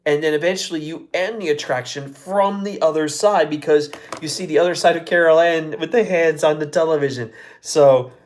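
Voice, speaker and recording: An American man hosting a live show, talking casually and excitedly, with heavy swearing and many fillers. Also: on the high side, normal speed. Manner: excitable, profane, lots of fillers. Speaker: podcast host. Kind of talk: casual live-stream chat.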